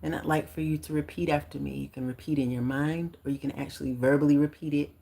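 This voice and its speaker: A woman in her forties hosting a casual livestream, chatting in a lively, animated way with slang and sharing affirmations. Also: sits low, quick pace, creaky. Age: 40s. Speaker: livestream host and author.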